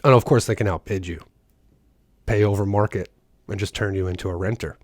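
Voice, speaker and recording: A man's voice: lowish voice, fairly even intonation, brisk, dry recording. A man reading a news article aloud and breaking off for sarcastic commentary. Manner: sarcastic, breaks off to mock the text. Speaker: political commentator.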